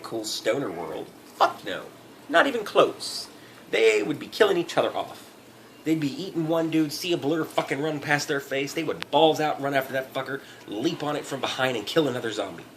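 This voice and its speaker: A man's voice: medium pitch, fairly bright tone, a little hiss or hum. A man giving a profane, rambling comedic rant, often breaking into laughter. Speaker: vlogger.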